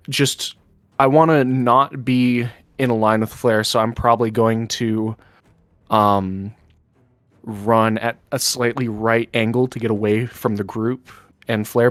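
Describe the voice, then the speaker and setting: A man plays a tabletop game, speaking at a slow pace as he works through his turn and fills the gaps with ums. His voice is dry and close, with faint music behind him. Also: mid-range voice, clear, resonant tone, dry recording. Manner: slow, thinking aloud with fillers. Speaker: player.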